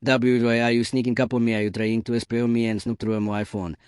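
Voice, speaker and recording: A man's voice: medium pitch, little pitch movement, a little fast, darkish tone, clean tone, dry recording, clean studio sound, close to an everyday voice. A man reading a scornful, drunk wife's lines in a harsh, scolding way, with little change from his own voice. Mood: defensive. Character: drunk, scornful adult wife.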